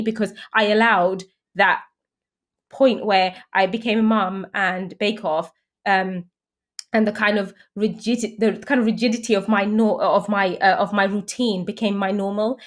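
A woman, a guest on a chat show, telling her story in a casual, animated way with lots of fillers and restarts. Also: mid-range voice.

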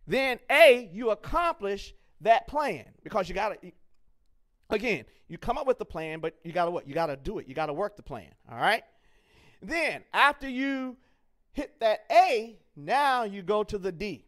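A man teaching a leadership lesson to teens at a camp, asking the group questions, spelling words out and repeating key points with emphasis. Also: very high-pitched. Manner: call-and-response questioning, emphatic and repetitive; encouraging, jokes with students. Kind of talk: interactive classroom teaching.

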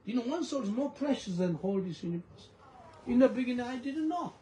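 Animated male preacher, echoey church hall. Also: very high-pitched, fairly quick, slight background noise. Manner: animated storytelling, non-native phrasing, frequent laughter. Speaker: pastor. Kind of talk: sermon with testimony. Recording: echoey room with congregation. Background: congregation responding.

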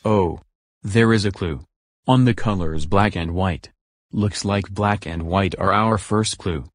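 A man's voice: deep voice, a little slow, no room sound. A man hosting a children's show, explaining things step by step to young viewers in an upbeat way.

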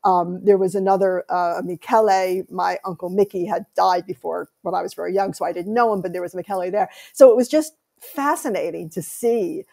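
Middle-aged woman, interview guest, animated storyteller, gravelly texture. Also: fairly low pitch, a little fast, few pauses. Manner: animated storytelling, laughs often. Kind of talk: conversational interview.

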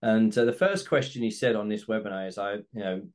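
A man's voice: lowish voice, fast talker, a little mellow. A man, hosting a podcast and candidly telling a personal story, acting out phone calls with his dad. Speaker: podcast host.

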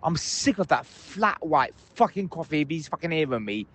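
A man rants into angry voicemails from a busy train station, swearing passionately. He speaks at normal speed in a fairly high, sing-song voice with a fairly bright tone, and a slight hiss or hum sits in the recording.

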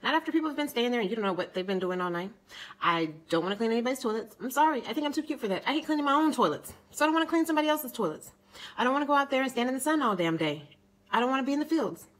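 A woman's voice: high-pitched, animated, very fast, rough recording. A young woman vlogger delivering an indignant, sarcastic political rant to her camera. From United States.

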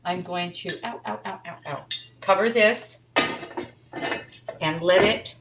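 A woman's voice: on the low side, takes it slowly, pauses often, reverberant, background noise. A woman teaching a live online cooking class from her home kitchen, chatting and making asides as she cooks.

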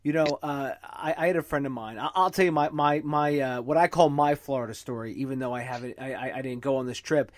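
A man's voice: medium pitch, fairly quick, few pauses, no echo, studio quality. A man hosting a podcast, chatting casually, stammering and laughing as he tells stories. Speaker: podcast host. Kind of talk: casual interview chat.

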